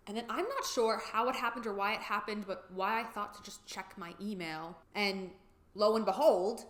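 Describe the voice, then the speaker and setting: A woman's voice: medium pitch, fairly bright tone. A young woman telling a candid, rambling, emotional travel story in a casual vlog. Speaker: vlogger. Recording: echoey room.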